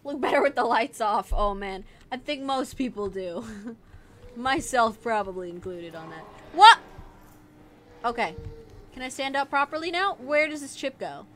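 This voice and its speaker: A young woman streaming a horror game, swearing, muttering low and yelping in fright. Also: lively intonation, measured pace, a little hiss or hum. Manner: jumpy and profane, mutters low then yelps in fright. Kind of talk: casual let's-play commentary.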